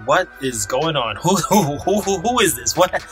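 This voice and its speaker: A man hosting a casual podcast, animated and joking, often breaking into laughs. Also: fairly high pitch, normal speed, faint music behind. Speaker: podcast host.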